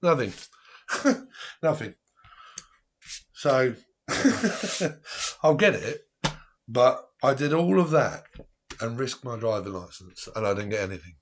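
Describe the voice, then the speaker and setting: A man's voice: mid-range voice, animated, unhurried, pauses often, slight background noise. An English man with a slangy, rambling way of talking, telling a casual story on a live stream, swearing and laughing often.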